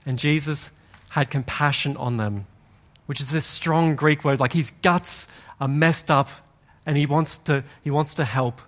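A man preaching a sermon in a conversational, animated way, acting out quoted voices in a louder tone. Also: on the high side, unhurried. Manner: animated storytelling, acts out quoted voices loudly; conversational, uses "like" often. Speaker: pastor.

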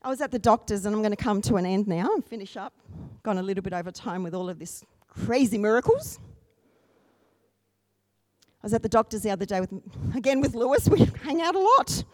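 A woman preaching a sermon, swinging from soft storytelling to loud, high-pitched exhortation. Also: lively intonation, brisk, dry recording.

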